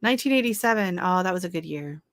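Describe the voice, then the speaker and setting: A woman's voice: lowish voice, lively intonation, fast, a bit bright, no echo. A woman hosting a casual livestream from home, chatting and laughing as she greets viewers and answers their comments. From Canada. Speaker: livestream host.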